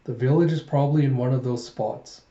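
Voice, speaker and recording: A clever young guide, practical and a bit of a know-it-all, read aloud by a man. The delivery is brisk, and the tone is deep and mellow. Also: roomy sound, highs cut off, natural voice.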